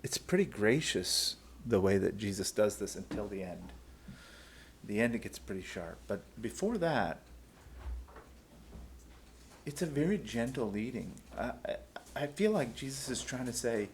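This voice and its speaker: A man's voice: lowish voice, lively intonation, unhurried, pauses often, a little hiss or hum. A man teaching a bible school class in a conversational way, often repeating words as he starts a thought.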